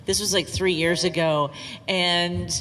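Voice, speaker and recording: A woman's voice: on the low side, steady tone, measured pace, a bit bright, slight background noise. A woman chatting cheerfully on a convention panel about voice work. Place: large convention hall. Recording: long hall reverb.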